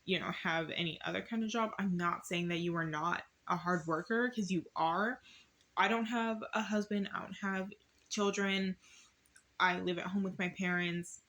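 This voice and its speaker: A young woman talks through her Bible study at home in a loose, chatty way, reading passages aloud and then wandering off into her own thoughts. Her voice sounds a little hoarse, as if it is wearing thin. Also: on the low side, a bit bright. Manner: chatty, rambling, reads verses aloud. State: slightly hoarse. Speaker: YouTuber doing Bible study. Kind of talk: casual Bible study vlog.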